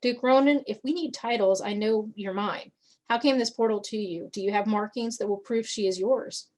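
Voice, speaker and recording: A woman's voice: mid-range voice, normal speed, a little mellow, natural voice. A woman reading the lines of a formal male lord who probes with questions. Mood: probing. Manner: formal, probing.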